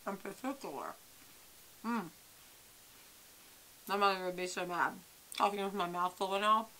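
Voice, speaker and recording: A woman's voice: mid-range voice, moderate pace, pushed and bright, slight background noise. A woman, chatting casually and rambling to her viewers at home, calling them y'all. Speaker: vlogger. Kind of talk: casual chat to camera.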